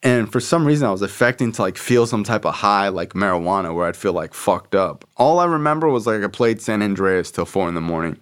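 Slangy low-voiced man telling his story. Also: lively intonation, fairly quick, hardly any pauses, smooth. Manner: slangy, profane, fills with "like", acts out friends' voices. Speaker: podcast host. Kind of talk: casual personal storytelling.

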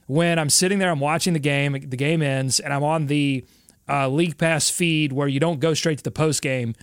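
A man with a fairly high voice, chatting on a sports podcast, animated and quick to laugh. He sounds close and dry, with no room in the sound. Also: clear, resonant tone, no echo. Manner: animated, laughs often, builds stories. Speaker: podcast co-host. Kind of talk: casual sports podcast chat.

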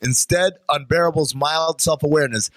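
A man's voice: fairly high pitch, normal speed, fairly bright tone, no room sound. A man hosting a casual podcast chat, reading out film reviews with a playful, joking manner. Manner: reads quoted reviews aloud, playful catchphrase. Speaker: podcast host.

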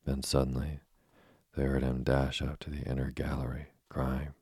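A man narrating a storybook in a steady, measured reading. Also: a bass voice, slightly rough, no room sound, studio quality. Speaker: audiobook narrator.

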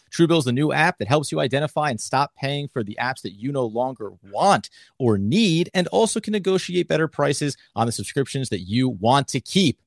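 A man's voice: medium pitch, no room sound, clean studio sound. A man co-hosting a casual sports podcast, with upbeat, hype-style delivery. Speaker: podcast co-host.

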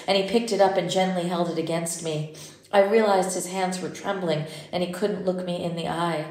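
A woman narrating a first-person audiobook in a measured, intimate way. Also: lowish voice, a little mellow. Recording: roomy echo.

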